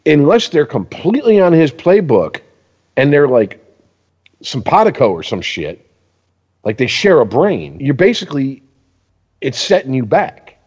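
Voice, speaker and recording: A man's voice: medium pitch, unhurried, pauses often, slightly rough, long reverb tail, dull audio. A man ranting in profane casual sports chat as a podcast co-host. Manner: ranting, heavy swearing, animated.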